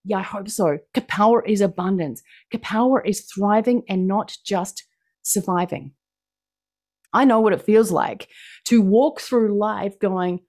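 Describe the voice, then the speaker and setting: A woman's voice: mid-range voice, unhurried, a little mellow. A woman from New Zealand with a New Zealand accent, giving an exuberant motivational presentation over a video call and repeating phrases for emphasis. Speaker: motivational speaker.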